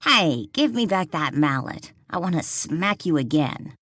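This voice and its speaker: A woman's voice: sits low, big pitch swings, unhurried, fairly bright tone, no echo, exaggerated voice. A woman voicing a playful teasing young woman. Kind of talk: audiobook character voice.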